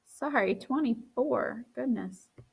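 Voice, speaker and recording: A woman's voice: fairly high pitch, slow, creaky, slightly rough. Tired woman teacher counting aloud. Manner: talks while drawing, counts aloud, corrects own slips. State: tired, yawning. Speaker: math teacher. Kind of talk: recorded math lesson walkthrough.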